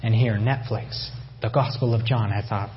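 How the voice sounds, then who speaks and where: A man's voice: on the low side, fairly even intonation, normal speed, highs cut off. A man from Iran giving a personal faith testimony, telling his story with emotion and repeated phrases. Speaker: testimony speaker.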